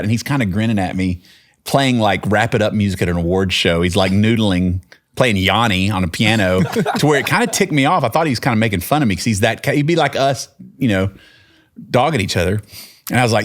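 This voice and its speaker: A man's voice: on the low side, expressive, fairly quick. A man with a Texan accent telling a long personal story in casual conversation, rambling with restarts and acted-out quotes. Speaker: podcast guest, singer-songwriter.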